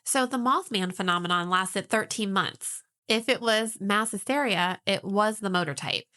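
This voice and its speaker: A woman co-hosting a podcast, explaining ideas in a measured, informative way with light teasing. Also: mid-range voice, pushed and bright. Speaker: podcast co-host.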